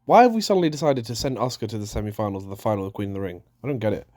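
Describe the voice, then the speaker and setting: A man giving a casual, exasperated rant reviewing a wrestling show, animated, with frequent restarts. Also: lowish voice, very fast.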